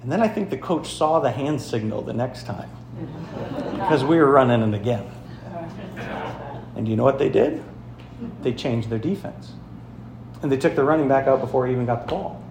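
A man pastor giving a sermon, telling stories and speaking straight to his congregation with emphatic, lively delivery. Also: mid-range voice, moderate pace, pauses often, reverberant, noisy background. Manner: storytelling, emphatic, addresses congregation directly. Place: church sanctuary.

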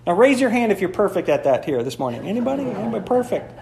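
A man's voice: sits high, sing-song, quick pace, vocal fry, echoey room, background noise. A man from the Upper Peninsula of Michigan, preaching a conversational sermon with playful asides, recorded in a church. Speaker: pastor.

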